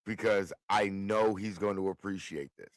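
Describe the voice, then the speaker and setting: A man talking on a live stream, animated and profane, quick to burst out laughing and yelling. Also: deep voice, dry recording. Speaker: panelist on a live talk stream. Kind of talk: casual live-stream chat.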